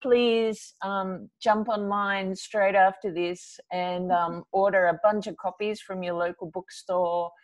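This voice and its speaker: A woman's voice: mid-range voice, steady tone, slow, hardly any pauses. A woman hosting a live online book event, chatty and encouraging with many fillers.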